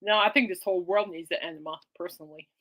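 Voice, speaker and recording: Bright-voiced chatty woman host. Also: lowish voice, fast, a little hiss or hum. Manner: chatty, giggly, reacts to listener comments. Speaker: podcast host. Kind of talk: casual rambling chat.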